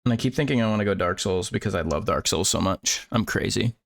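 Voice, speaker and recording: A man's voice: fairly low pitch, fast talker, creaky, fairly bright tone. A man streaming while he draws, chatting casually, rambling and chuckling as he searches for words. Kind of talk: casual chat while drawing.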